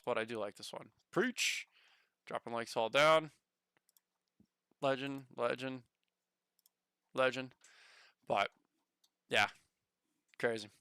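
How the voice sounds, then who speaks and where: A man casually chatting on a stock market livestream, excitable, swearing now and then and reading the chat aloud. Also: mid-range voice, clear, resonant tone, dry recording.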